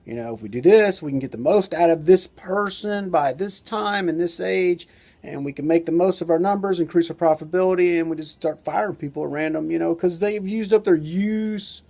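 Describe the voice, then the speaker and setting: Man, doctor, talk-to-camera lesson, rambling, filler-heavy, mellow tone. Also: fairly high pitch, a little fast, gravelly. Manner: rambling, loose delivery full of "you know" and "like". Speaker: doctor and author.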